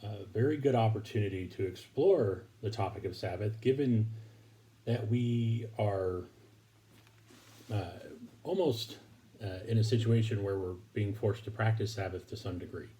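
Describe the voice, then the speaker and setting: A man giving a recorded Bible lesson to his congregation, speaking haltingly with many fillers and restarts. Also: lowish voice, warm tone, slight background noise. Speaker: preacher.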